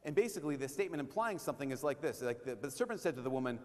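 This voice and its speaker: A man preaching a sermon as a priest, casual and animated, sometimes dropping to a hush for emphasis. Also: mid-range voice, very fast, hardly any pauses. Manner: conversational and animated, drops to hushed tones for emphasis. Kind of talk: sermon at a parish mission. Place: church. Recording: long reverb of a church hall.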